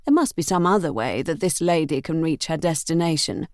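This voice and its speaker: A woman's voice: deep voice, expressive, fairly quick, darkish tone, no echo, studio quality. A woman voicing an aristocratic male duke who speaks in a reserved, reluctant way.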